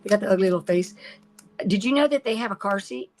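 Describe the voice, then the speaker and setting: A woman's voice: medium pitch, expressive, quick pace, rough recording. An older woman chatting casually while crafting on a livestream at home, rambling and greeting viewers by name.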